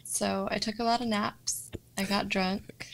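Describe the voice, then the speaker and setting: A woman's voice: mid-range voice, flat delivery, a little slow, gravelly, fairly bright tone, low-quality recording. A woman co-hosting a podcast in casual chat, laid-back and amused. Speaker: podcast co-host.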